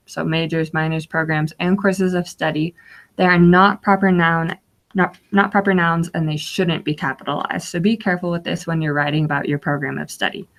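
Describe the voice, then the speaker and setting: A young woman with a lowish voice teaches over a webinar. She explains each slide patiently and fills pauses with small fillers. It sounds like a computer mic on a video call. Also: creaky. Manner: explanatory, walks through slides with frequent fillers. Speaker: webinar guest speaker. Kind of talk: instructional webinar presentation.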